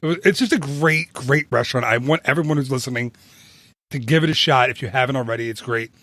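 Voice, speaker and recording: A man co-hosting a podcast, chatting casually and telling a lively story with frequent restarts. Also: medium pitch, fast, dry recording. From northern United States. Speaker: podcast co-host. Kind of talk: casual chat.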